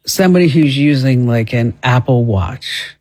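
A male host with a New Jersey accent, chatting casually and laughing easily with his guests. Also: mid-range voice. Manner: animated, quick to laugh. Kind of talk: casual radio talk.

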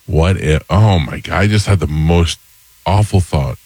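A middle-aged man hosting a morning radio show, chatting casually and telling animated stories. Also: sits low, measured pace, husky, dry recording. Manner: storytelling, animated, puts on voices in anecdotes.

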